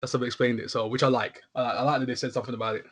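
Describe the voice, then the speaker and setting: Fast-talking young man, rambling. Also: medium pitch, flat delivery, noisy background. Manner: rambling, lots of filler words. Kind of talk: casual chat.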